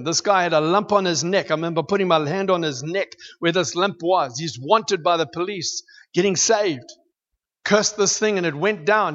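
A man preaching a sermon, emphatic and building to excited declarations. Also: on the high side. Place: church hall. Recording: reverberant hall, dull lo-fi sound.

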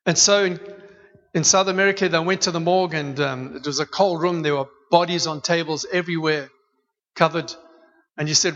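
A man preaching a sermon in a church hall, telling stories with lively humor. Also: a little high, fairly quick. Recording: dull echoey hall recording.

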